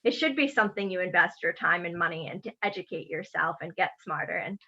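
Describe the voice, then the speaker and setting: A woman's voice: on the low side, fast talker, creaky, sharp tone, lo-fi sound. A woman from Massachusetts, a money educator, speaking as a podcast guest in an upbeat, articulate way and laughing easily. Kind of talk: remote podcast interview.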